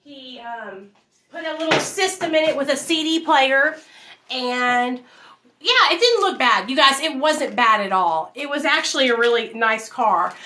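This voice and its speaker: A woman's voice: sits high, expressive, unhurried, pushed and bright, a little hiss or hum. A woman, casually telling her life story to viewers at home, calling them y'all. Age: 30s. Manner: chatty, addresses viewers as y'all and you guys.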